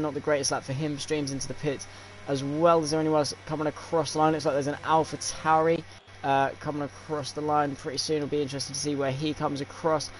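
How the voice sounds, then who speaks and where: A young man commentating a sim racing league stream, with many fillers and pauses. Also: on the high side, a little hiss or hum. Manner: filler-heavy, hesitant play-by-play. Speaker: lead commentator.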